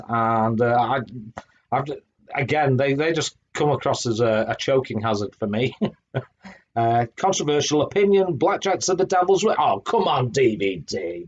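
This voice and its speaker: Chatty man on a dull lo-fi stream. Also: mid-range voice. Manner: chatty, effusive, lots of fillers and restarts. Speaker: streamer host. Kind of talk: casual live-stream chat. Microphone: home streaming microphone.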